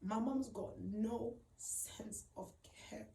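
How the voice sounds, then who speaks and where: A young woman, tearful and upset, recounting a painful personal story in a rambling, repetitive way full of emphatic slang. Her voice sits a little high for a woman. It is recorded from some distance in a roomy, echoing space. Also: fairly quick, warm tone. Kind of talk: emotional personal testimony.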